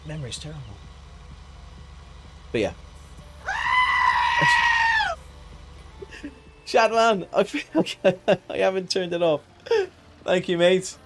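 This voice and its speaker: A man's voice: sits high, animated, moderate pace, long pauses, background noise. A man chatting casually on a live game stream, joking, laughing and thanking viewers by name.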